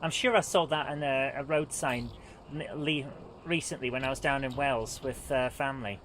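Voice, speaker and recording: This woman has an extremely low voice and talks at normal speed over a faint hiss or hum. She's hosting a live game stream, rambling and self-deprecating as she plays and greets her viewers in chat.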